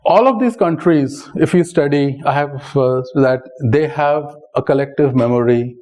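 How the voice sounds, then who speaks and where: Indian man lecturing in a mellow voice. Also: mid-range voice, unhurried, rough recording. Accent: Indian English. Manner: conversational, often adds "right?". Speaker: speaker giving a talk. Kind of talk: public lecture with anecdotes.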